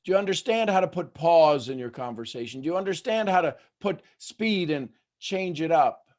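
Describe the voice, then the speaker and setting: A man hosting a motivational talk, firing rhetorical questions at listeners and swinging between hushed asides and loud bursts. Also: a little high, expressive, moderate pace. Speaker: host.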